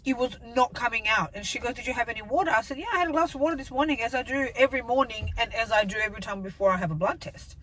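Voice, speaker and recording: A woman's voice: a little high, rapid-fire, few pauses, a bit bright, low-quality recording. A woman in her thirties telling a rambling, emotional story straight to camera in a casual vlog update. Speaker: vlogger.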